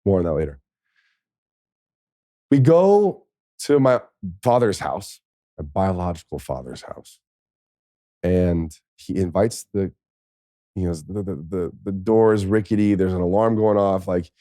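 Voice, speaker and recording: A man's voice: sits low, dry recording, clean studio sound. A man, a former pro football player, tells a candid, profane personal story in a podcast interview, and he is tearful at times. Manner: candid and profane, with laughs and soft, choked passages.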